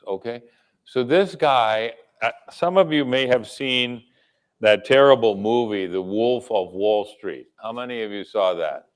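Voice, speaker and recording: A man's voice: lowish voice, clean tone. A man presenting at a company kickoff, giving a sales training talk to an audience, repeating his words and checking in with "okay?".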